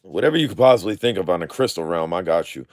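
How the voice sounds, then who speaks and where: A man's voice: sits low, expressive, fast, dry recording. Man, casual live-stream chat, slangy clipped street talk, swings up and down a lot, close dry sound. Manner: candid, rambling, swears freely. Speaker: drone video creator.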